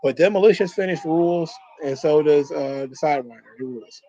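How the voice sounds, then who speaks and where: A man's voice: fairly high pitch, brisk, dark tone. Loose, swearing man in muffled sound. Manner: loose, profane, rambling. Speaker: host of a wrestling watch-along. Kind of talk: casual commentary.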